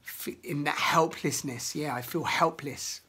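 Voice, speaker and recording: A man talking through his feelings in a rambling, emotional vlog, swearing often and breaking into loud outbursts. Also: on the high side, measured pace, slightly rough. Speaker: vlogger. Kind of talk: outdoor confessional vlog. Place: outdoors in nature.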